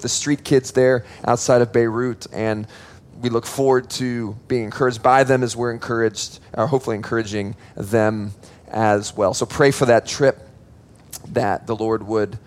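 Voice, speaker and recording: A man's voice: mid-range voice, fairly even intonation, normal speed. A male pastor giving an earnest sermon, explaining scripture point by point with emphatic stresses and teaching asides.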